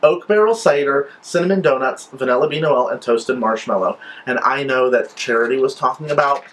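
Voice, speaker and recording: A male vlogger chats casually through a product review, gushing over each scent he smells. His voice sits at an ordinary middle pitch and his talk is enthusiastic and effusive. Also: a little fast, fairly bright tone, poor audio. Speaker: vlogger reviewing wax melts.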